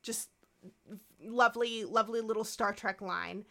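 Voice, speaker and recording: Woman, podcast co-host, casual chat, high voice, very lively pitch, swears freely. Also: a little slow. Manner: animated, swears freely, acts out characters' lines. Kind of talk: casual chat recapping a TV episode.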